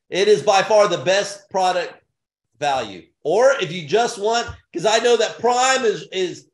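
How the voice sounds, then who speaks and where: High-pitched guy hyping a business plan, fired up, repeats himself a lot, echoey room. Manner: hyped, repetitive, punchy short phrases. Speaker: sales presenter. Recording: roomy echo.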